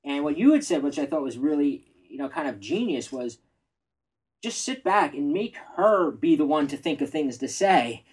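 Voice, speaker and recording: Husky-voiced male dating coach. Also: fairly high pitch, big pitch swings, moderate pace, poor audio. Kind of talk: casual coaching conversation.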